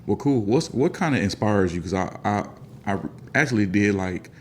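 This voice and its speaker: Man, Memphis accent, podcast host, low-pitched, casual slangy chat, faint hiss. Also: expressive, normal speed. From Memphis, Tennessee. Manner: laid-back, slangy, acts out other voices.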